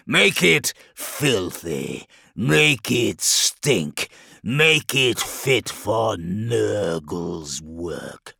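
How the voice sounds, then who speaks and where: A rotting, doleful plague demon lord, put on by a male narrator in a storybook reading. The voice is gravelly and slow, dragging out every word, with a sharp, tense edge on top. It climbs into wails from deep in the throat. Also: big pitch swings, dry recording, clean studio sound, full character voice. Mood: commanding. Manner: hissing, drawn-out, creaky.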